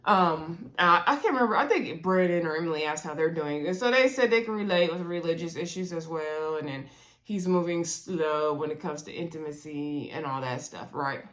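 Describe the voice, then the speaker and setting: A woman recapping a reality show episode in a casual, sassy way, with lively asides to her viewers. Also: low voice, normal speed, echoey room. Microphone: camera mic.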